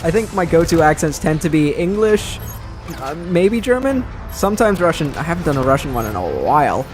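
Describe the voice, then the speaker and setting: Man, let's play host, slightly high voice, chatty, jokey, game music behind. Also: big pitch swings, a little fast. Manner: chatty, self-deprecating, jokey. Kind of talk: casual gameplay commentary. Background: game music and sound.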